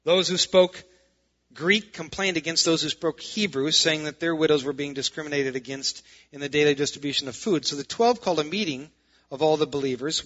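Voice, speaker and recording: A man's voice: on the high side, fairly quick, a bit bright, highs cut off. A man preaching as a pastor, reading scripture aloud and adding sarcastic, emphatic asides. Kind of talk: sermon.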